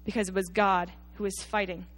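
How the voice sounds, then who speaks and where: A woman preacher delivering a sermon to her church, retelling scripture with emphatic storytelling that drops at times to quiet intensity. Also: mid-range voice, little pitch movement, brisk.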